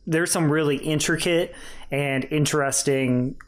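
A man's voice: a little high, steady tone, a little slow. A young man co-hosting a podcast, giving candid, rambling opinions in casual chat. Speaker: podcast co-host.

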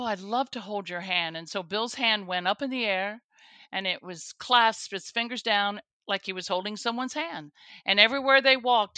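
Sharp-toned and medium-pitched, a woman tells her own story as a guest on a faith program, speaking earnestly with some restarts and an occasional laugh. It's a personal testimony interview, captured in a dry recording.

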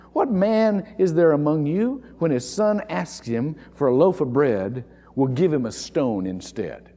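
A man's voice: sits high, big pitch swings, unhurried, darkish tone, long reverb tail. A man preaching a sermon as pastor, stressing and repeating key words for emphasis, recorded in a church. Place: church sanctuary.

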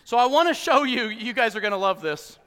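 A male pastor preaching a sermon, swinging from shouted emphasis to quiet low asides and joking with the congregation. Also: very animated, a little fast, long reverb tail. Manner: emphatic preaching, bursts into shouts then drops low and soft. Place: church hall with congregation.

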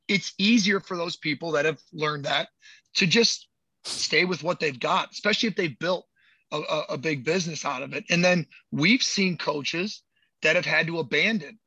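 A man's voice: fairly high pitch, sharp tone, breathy edge, no echo, lo-fi sound. A man who works as a movement coach, talking in a casual podcast chat, emphatic and profane and repeating words as he gets fired up.

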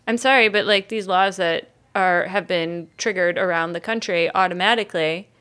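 A woman's voice: on the low side, moderate pace, a bit bright. A woman co-hosting a podcast in casual chat, swearing freely and using many fillers. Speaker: podcast co-host.

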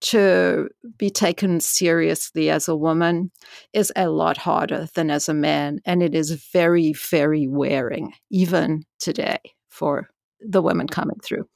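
Gravelly, frank woman scientist. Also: low voice, steady tone, a little slow, darkish tone, dry recording, clean studio sound. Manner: frank and emphatic. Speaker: senior scientist. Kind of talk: conversational interview.

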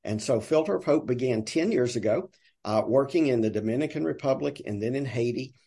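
A man with a Southern American accent from Alabama, a ministry director giving earnest, measured interview answers. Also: medium pitch, expressive, creaky, dark tone, slightly rough. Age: older. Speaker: guest, ministry sales director.

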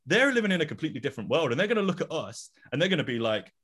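Animated young man co-hosting a podcast. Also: a little high, rapid-fire. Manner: animated, repeats words as he works up to a point. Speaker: podcast co-host. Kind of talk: casual conversational podcast.

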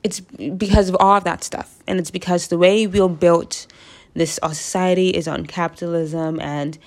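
A woman's voice: fairly low pitch, fairly even intonation, moderate pace. A woman from the United States talking casually to camera, rambling through her thoughts with frequent laughs and asides. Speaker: vlogger.

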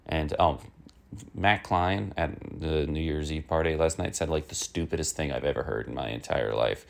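A man's voice: a bass voice, normal speed, vocal fry. A man hosting a one-man comic news show, rambling with lots of fillers and sliding into irritable rants. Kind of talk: casual rambling comic monologue.

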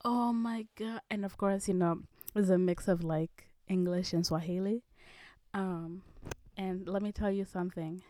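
A young woman from Kenya tells a story to her camera in an unhurried, chatty vlog style. She talks slowly and often drops into a breathy whisper for effect. The sound is dry and close, with no room echo. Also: medium pitch. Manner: animated, dips into breathy whispers. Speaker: vlogger.

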